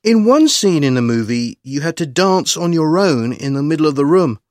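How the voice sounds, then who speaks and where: An interviewer asking an actress questions in a lively, clear way. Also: mid-range voice, moderate pace, no echo, studio quality.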